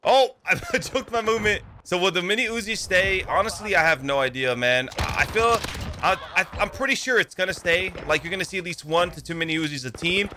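A young man with a slightly higher voice talks over his own shooter gameplay in a loose, excitable stream of chatter. He swears freely and breaks into yells when the fighting heats up. Gunshot sounds run clearly behind his voice. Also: brisk, a little hiss or hum. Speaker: gaming YouTuber. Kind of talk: live gameplay commentary.

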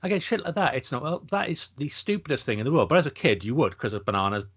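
A man's voice: mid-range voice, very animated, breathy edge. A man co-hosting a podcast, chatting casually and rambling with lots of agreement. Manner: rambling, restarts, quick agreement. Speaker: podcast co-host. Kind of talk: casual chat.

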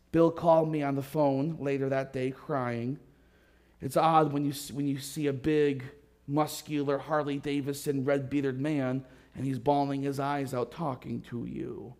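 In a church sanctuary, a pastor preaches a sermon by telling a story, with dramatic swings in pitch and loudness as his volume rises and drops. His voice has a level tone, and he speaks unhurriedly.

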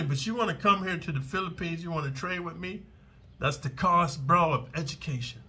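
A husky man with a bright, cutting edge talks to camera in raw, profane street slang. He is blunt and swaggering, drops "man" and "dude" constantly, and punctuates his points with shouted strike sounds. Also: on the high side, moderate pace. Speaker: ex-convict giving prison survival advice. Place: in Manila.

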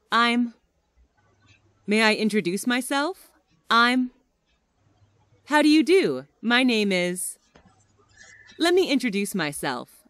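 A woman slowly reads everyday English phrases one by one for learners, using a deliberate teaching delivery. Her voice is medium-pitched and fairly bright, with no room sound.

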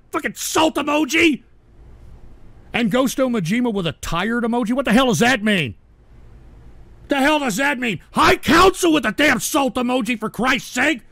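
A man's voice: very high voice, creaky, pushed and bright, dry recording. A man hosting a livestream show, reading viewer donations and ranting at trolls with irritable, profane outbursts. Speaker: host.

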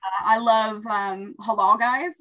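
Bright-voiced woman in casual chat. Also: mid-range voice, steady tone, slow pace, rough recording. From Long Island, New York area. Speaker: podcast guest, craftmaker.

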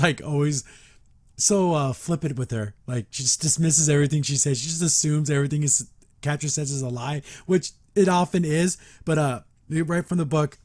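A man's voice: medium pitch, darkish tone, no echo, clean studio sound. A male podcast host reading a book aloud and reviewing it in a chatty, rambling way, restarting often.

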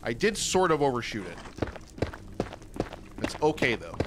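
A man hosting a gaming channel, chatting casually and excitably through his own gameplay and laughing at himself. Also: medium pitch, unhurried, noisy background. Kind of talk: casual let's-play commentary.

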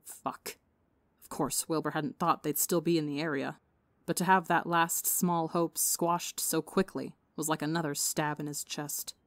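A woman reading fiction aloud in a steady, measured way. Her voice sits low. The recording is dry and close to the mic. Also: no room sound. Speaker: audiobook podcast reader. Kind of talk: scripted narration of fan fiction.

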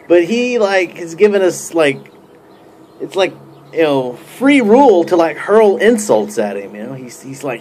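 A man rambles to camera through a teasing roast, full of "like" and "you know." His fairly high voice swings up and down with mock indignation. A faint hum of room ambience sits under it. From United States. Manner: rambling, many fillers and restarts. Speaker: YouTube pipe-smoking vlogger.

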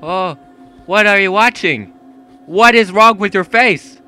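A young man giving jumpy, profane commentary while playing a horror game, yelping and shouting when startled. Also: high voice, a little slow, over loud music. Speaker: gaming YouTuber. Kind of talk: horror let's-play commentary. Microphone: gaming mic with headphones.

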